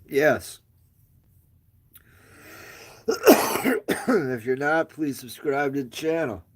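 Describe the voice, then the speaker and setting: Slow, rambling man live-streaming. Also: mid-range voice. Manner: slow, rambling, greets viewers. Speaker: livestream host. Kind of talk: casual live-stream chat.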